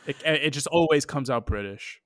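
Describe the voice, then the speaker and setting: A man's voice: mid-range voice, moderate pace, dry recording, clean studio sound. A man co-hosting a podcast in casual chat, joking and laughing at himself. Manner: joking, laughing, self-deprecating. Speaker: podcast co-host.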